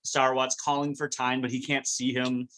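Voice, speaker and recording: A man's voice: medium pitch, moderate pace, a little hiss or hum. A man hosting a podcast, casually and animatedly recapping an episode scene by scene. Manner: animated storytelling, recounting scenes. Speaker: podcast host.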